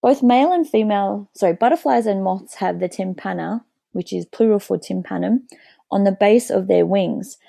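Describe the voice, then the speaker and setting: Woman, lesson narrator, some vocal fry, dry close recording, self-correcting delivery. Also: medium pitch, normal speed, warm tone, dry recording. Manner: reads steadily, correcting herself with "sorry". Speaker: biology teacher.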